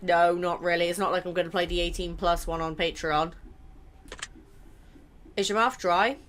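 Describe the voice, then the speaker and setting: A woman's voice: lowish voice, steady tone, moderate pace, a bit bright, slight background noise. A young woman gaming creator reading a game's questions aloud and answering them in a chatty, blunt way, swearing now and then. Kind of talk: casual let's play commentary, reading questions aloud.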